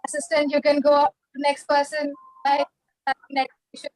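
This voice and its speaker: High, flat-voiced woman. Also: moderate pace, no room sound, faint music behind, low-quality recording. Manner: firm, instructive. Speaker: meeting participant giving forfeits. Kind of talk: casual chat. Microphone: video call.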